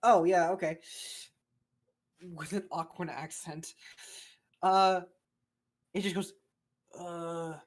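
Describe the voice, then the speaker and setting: Game master, casual, halting, swears, mid pitch. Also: steady tone. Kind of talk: casual tabletop game chat.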